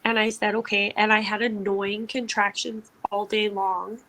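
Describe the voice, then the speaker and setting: Young woman, podcast co-host, casual storytelling, chatty, mid pitch. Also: level tone, normal speed, bright, forceful tone, poor audio. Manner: chatty, lots of "like", acts out quotes.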